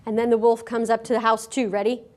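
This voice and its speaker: A woman reading a picture book aloud to children at a school, expressive and animated. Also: on the high side, fast, very noisy. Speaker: storyteller.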